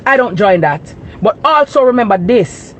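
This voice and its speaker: A woman with a Jamaican accent, speaking at an ordinary middle pitch and hammering home her points with indignant emphasis. She talks straight to her audience in vlog-style commentary. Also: lively intonation, normal speed, slight background noise. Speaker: vlogger. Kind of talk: direct-to-camera commentary.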